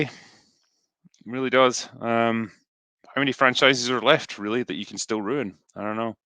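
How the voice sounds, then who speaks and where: A man's voice: fairly low pitch, moderate pace, no room sound. Sarcastic Scottish man on a headset. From Scotland. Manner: relaxed, filler-heavy, dry sarcastic humor. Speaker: host reading superchats. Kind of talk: casual livestream chat.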